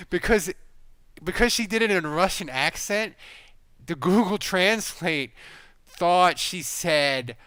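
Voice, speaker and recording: A man's voice: sits high, lively intonation, slow, bright, forceful tone, clean tone, dry recording. A man hosting a sports podcast, chatting casually and laughing often. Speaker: podcast host. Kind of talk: casual chat.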